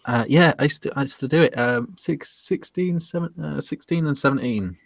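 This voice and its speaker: A man's voice: medium pitch, moderate pace, creaky, no echo. Hesitant British man, dry close sound. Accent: British English. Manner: hesitant, repeats words and laughs often. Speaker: podcast co-host. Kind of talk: casual chat.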